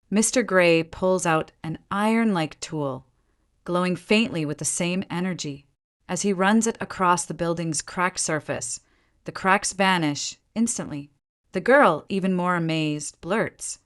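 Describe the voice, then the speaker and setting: A woman's voice: fairly low pitch, unhurried. A woman narrating a comic story recap in a scripted storytelling style, reading all the characters' lines herself. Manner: even storytelling, voices every character lightly.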